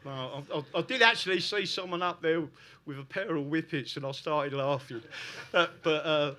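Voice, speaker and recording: Emphatic South London man, bright voice. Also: on the high side, normal speed. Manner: emphatic, keeps adding "right?". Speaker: guest speaker. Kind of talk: live podcast talk to an audience.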